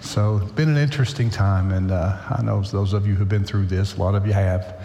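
An older man, a pastor, talking to his congregation in a halting, conversational sermon, full of fillers and restarts, in a large church sanctuary. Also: fairly low pitch, fairly even intonation, warm tone, a little hiss or hum. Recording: roomy church hall echo.

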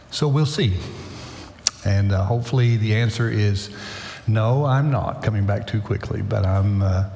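An older man, a pastor, addresses his congregation in a slightly low voice, easing into a sermon with plenty of fillers and restarts. His words ring out through a big, echoey church hall. A faint murmur of room ambience sits underneath. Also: darkish tone, a little hiss or hum. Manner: halting, conversational, with frequent fillers and restarts. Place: large church sanctuary. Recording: roomy church hall echo.

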